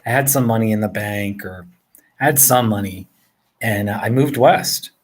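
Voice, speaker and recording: A man's voice: on the low side, moderate pace. A man in his forties from northern New Jersey, chatting casually and rambling with viewers, chuckling often as he answers their questions. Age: 40s. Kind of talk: casual live chat. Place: indoors at home.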